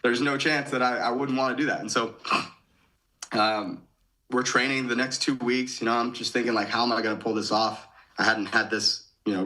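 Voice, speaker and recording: A man's voice: lowish voice, pushed and bright, poor audio. A man in his thirties from Michigan, a podcast guest casually retelling events and often quoting his own thoughts. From Michigan, USA. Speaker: podcast guest, former gymnast. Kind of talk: casual storytelling.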